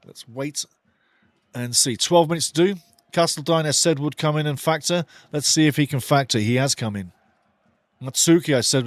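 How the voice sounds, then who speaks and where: A man delivering heated watch-along football commentary in a slightly high voice, dry and close to the mic. He calls the action in quick, clipped bursts and speaks bluntly, without holding back. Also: dry recording. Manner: passionate, opinionated, blunt and swearing; running play-by-play in short clipped phrases. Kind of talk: live fan commentary.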